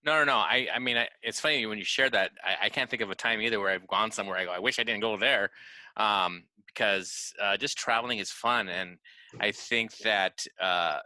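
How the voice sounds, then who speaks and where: A man's voice: lowish voice, bright, forceful tone, no echo, poor audio. A man co-hosting a podcast, chatting eagerly about travel. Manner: eager, talks in quick bursts of enthusiasm. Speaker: podcast co-host. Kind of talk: casual chat.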